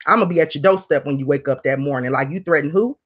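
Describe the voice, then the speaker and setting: A woman hosting a casual livestream, talking candidly to viewers and reading their comments, rambling and animated. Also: a bass voice, quick pace. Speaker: livestream host. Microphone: streaming mic. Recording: dull lo-fi stream audio.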